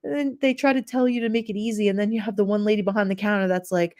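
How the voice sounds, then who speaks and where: A woman's voice: mid-range voice, fairly even intonation, fast talker, a little mellow. A middle-aged woman chatting casually with her live chat viewers, telling everyday stories, laughing often and acting out voices. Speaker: live stream host.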